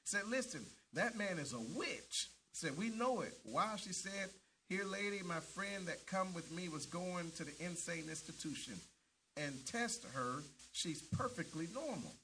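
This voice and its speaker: A man's voice: high voice, animated, measured pace, sharp tone, slight background noise. A man preaching a sermon with fervent emphasis, often repeating words as he restarts and punctuating lines with amens.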